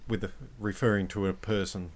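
A man with an Australian accent in casual chat, calm and laid-back, often breaking into giggles. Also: deep voice, brisk.

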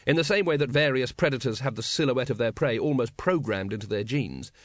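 Male audiobook narrator, wry and expressive, lively pitch, dry recording. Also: dry recording. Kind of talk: scripted narration.

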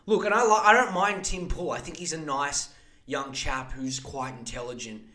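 A man in his twenties with an Australian accent, hosting a podcast in a profane, animated comedic rant. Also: fairly high pitch, normal speed. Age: 20s. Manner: profane, animated, mock voices for others. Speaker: podcast host.

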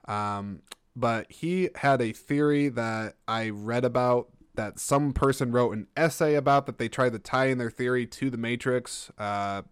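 A man's voice: mid-range voice, unhurried, smooth, dry recording, studio quality. A young man hosting a solo podcast, rambling and self-mocking with lots of restarts. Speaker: podcast host. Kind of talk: casual solo podcast monologue.

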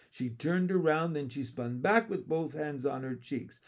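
Slow, expressive male storybook reader. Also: medium pitch. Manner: expressive, unhurried reading. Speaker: narrator. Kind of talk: storybook read-aloud.

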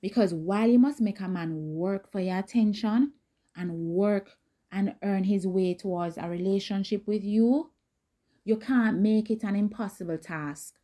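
Mellow-voiced woman giving blunt dating advice. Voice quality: not high or squeaky. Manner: direct, emphatic, conversational with quoted asides. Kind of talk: casual advice talk.

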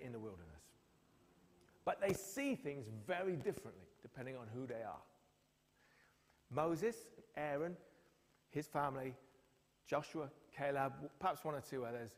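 A man preaching a sermon, telling the story with acted-out quotes. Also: on the high side. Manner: storytelling, acts out quotes with lively voices. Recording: long hall reverb.

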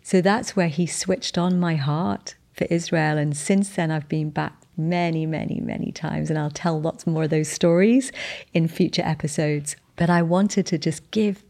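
A woman's voice: deep voice, fairly even intonation, normal speed, creaky, a little mellow. A woman hosting a podcast, telling a personal faith testimony in an earnest, heartfelt way with frequent restarts. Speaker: podcast host.

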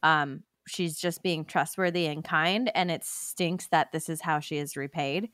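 A woman's voice: sits low, steady tone, unhurried, fairly bright tone, dry recording, clean studio sound. A woman co-hosting a podcast, talking in an earnest, chatty way. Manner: earnest, chatty, many fillers. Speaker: podcast co-host. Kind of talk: casual chat.

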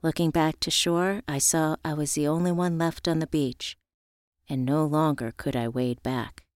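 A woman narrating a first-person story in a reflective, measured way. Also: low voice, steady tone, no echo, studio quality.

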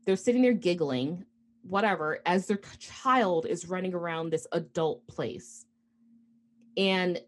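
A young woman co-hosting a podcast, telling a long story in casual chat, full of fillers and asides. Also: mid-range voice. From United States. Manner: rambling storytelling with many fillers. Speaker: podcast co-host.

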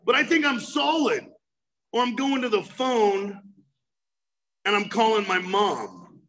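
A man in his forties telling his recovery story, animated, breaking into loud exasperated outbursts. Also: high voice, takes it slowly, long pauses. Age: 40s. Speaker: speaker sharing recovery story. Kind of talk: recovery talk, personal story.

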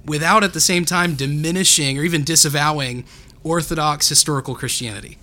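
A man's voice: fairly high pitch, fairly quick, sharp tone. A man hosting a podcast, asking a guest long, thoughtful questions that he builds up piece by piece. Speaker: podcast host.

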